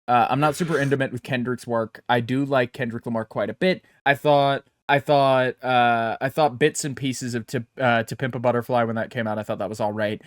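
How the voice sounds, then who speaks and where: A man's voice: mid-range voice, steady tone, a little fast, hardly any pauses, dry recording, clean studio sound. Rambling young man co-hosting a podcast. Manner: rambling, repeats words, many "like" fillers. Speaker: podcast co-host. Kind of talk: casual chat.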